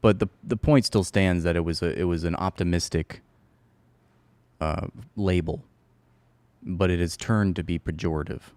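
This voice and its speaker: Blunt, low-voiced man in dry audio. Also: fairly even intonation, normal speed, pauses often, a little mellow, no echo. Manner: blunt and profane, loose off-the-cuff talk. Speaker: commentary channel host. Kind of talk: casual political commentary.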